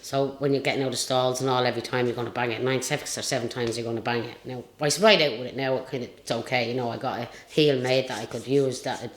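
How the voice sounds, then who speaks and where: A woman's voice: very deep voice, steady tone, fast talker, few pauses. An Irish woman and retired jockey telling stories in a casual interview, rambling and chatty with lots of fillers. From Ireland. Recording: roomy echo.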